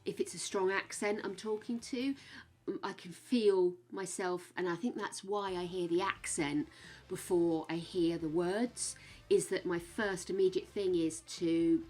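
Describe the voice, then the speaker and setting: A woman's voice: mid-range voice, moderate pace, soft background music. An English woman streaming a game, chatting in a rambling way, laughing often and sometimes dropping to a whisper. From England. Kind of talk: casual chat while gaming.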